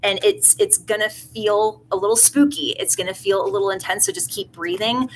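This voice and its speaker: A woman's voice: mid-range voice, normal speed, slight background noise, poor audio. A woman doing a tarot reading in a casual, rambling way, earnest and emotional. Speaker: tarot reader.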